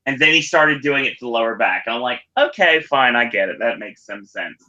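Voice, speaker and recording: A man's voice: mid-range voice, lively intonation, fairly quick, sharp tone, lo-fi sound. A man co-hosting a wrestling podcast, making wry, trivia-laden remarks in casual chat. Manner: wry, nerdy trivia asides. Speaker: podcast co-host.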